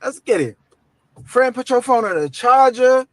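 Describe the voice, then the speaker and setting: A man with a strikingly high voice spins a story in loose, slangy street talk. He gets animated and acts out every quote along the way. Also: unhurried, dry recording, rough recording. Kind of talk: casual storytime.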